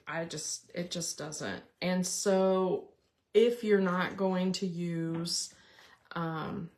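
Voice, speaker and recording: A woman's voice: on the low side, a little mellow. A middle-aged woman hosting a casual card-making tutorial, chatting and explaining step by step as she works with her hands.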